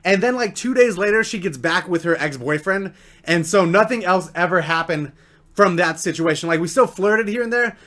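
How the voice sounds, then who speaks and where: Young man, high voice, slangy rambling storytime vlog. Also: lively intonation, moderate pace, fairly bright tone. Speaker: vlogger.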